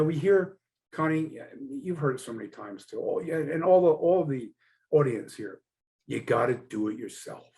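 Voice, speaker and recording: A middle-aged man who is a guest coach in an interview. He speaks in a reflective, measured way and often comes back to the same points. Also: on the high side, darkish tone, low-quality recording. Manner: reflective, measured, repeats "again" and "yes". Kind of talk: conversational interview.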